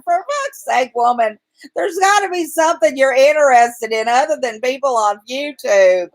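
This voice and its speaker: A woman with a somewhat high voice rants at home in a blunt, exasperated way and swears freely. She talks straight to the camera from bed in the early morning. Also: animated, normal speed, rough recording. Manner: blunt, profane, exasperated ranting. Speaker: vlogger. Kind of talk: ranting vlog to camera.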